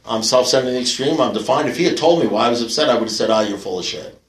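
A man shares a long, rambling story with a live audience at a recovery meeting, leaning on fillers and blunt, profane humour. His voice sits at an ordinary pitch. The sound carries the roomy echo of a meeting hall. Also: racing. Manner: rambling, full of "you know" fillers.

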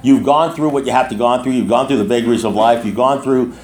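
A man's voice: mid-range voice, fast, a little mellow. Rambling man in his sixties, echoey room. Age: 60s. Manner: rambling storyteller, frequent restarts and asides. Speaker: speaker at a recovery meeting. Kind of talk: personal recovery talk to a group.

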